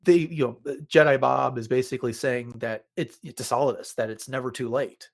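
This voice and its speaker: A man's voice: mid-range voice, a little fast, creaky. Man retelling film scenes. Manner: animated retelling with quoted lines. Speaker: podcast co-host. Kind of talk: casual chat.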